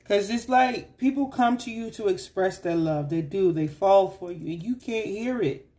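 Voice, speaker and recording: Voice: mid-range voice, normal speed, mellow. A tarot reader giving a casual spoken reading, talking in a loose, repetitive and coaxing way.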